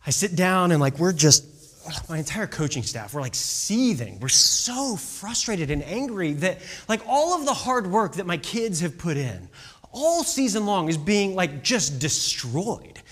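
A man telling a story with a lesson in an animated, conversational way, often checking in with his listeners as he goes. He speaks as a youth baseball coach. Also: high-pitched, measured pace.

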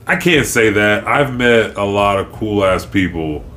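A man co-hosting a podcast in relaxed, jokey casual chat, telling stories. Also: a little slow. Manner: laid-back, jokey, acts out quotes in high voices. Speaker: podcast co-host. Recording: faint background noise.

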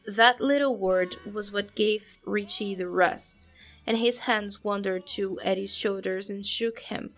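A woman giving a dramatic reading of fan fiction, with measured, somber storytelling and emotional emphasis. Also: mid-range voice, a bit bright. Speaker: story reader.

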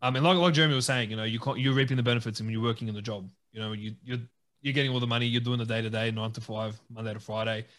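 Casting: man, co-host, fast talker, upbeat and laughing. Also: medium pitch, fairly even intonation, a bit bright. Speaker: podcast co-host. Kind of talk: casual chat.

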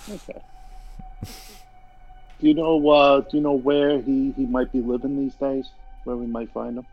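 A gravedigger investigator in a tabletop horror game, asking careful questions with hesitant pauses, as a man plays him. The voice comes through a dull, lo-fi mic. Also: mid-range voice, flat delivery, faint music behind. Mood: probing. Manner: hesitant, filler-laden questioning. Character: gravedigger man, steady and probing.

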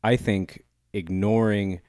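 Man with a very deep voice. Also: steady tone, slow, mellow, no room sound, studio quality. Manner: agreeable, thoughtful, frequent affirmations. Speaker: podcast co-host. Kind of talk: casual podcast chat.

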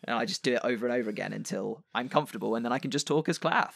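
A man's voice: mid-range voice, rapid-fire, vocal fry, a bit bright, no room sound, clean studio sound. A man co-hosting a podcast, chatting casually and passing on tips with lots of fillers. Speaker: podcast co-host. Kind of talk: casual chat about tabletop role-play.

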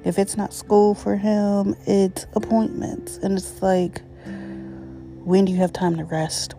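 A young adult woman hosting her own casual solo podcast, talking in a tired, rambling way with breathy asides. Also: mid-range voice, steady tone, slow pace, mellow, faint music behind. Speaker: podcast host. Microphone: USB microphone.

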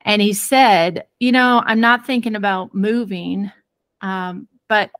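A woman's voice: medium pitch, takes it slowly, no room sound. Earnest woman telling a family story. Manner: earnest, expressive storyteller who laughs easily. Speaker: parenting expert guest. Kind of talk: personal storytelling in a podcast interview.

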